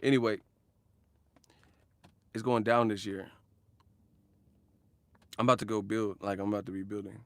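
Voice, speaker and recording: A man's voice: on the low side, steady tone, normal speed, pauses often, no echo. A young man ranting in slang for a casual boxing vlog, swearing and laughing as he talks. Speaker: boxing commentary vlogger. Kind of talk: casual rant.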